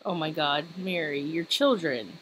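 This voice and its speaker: A woman's voice: low voice, measured pace, a bit bright, a little hiss or hum. A woman giving casual, giggly commentary while playing a video game, exclaiming and joking as she goes. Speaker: let's play host.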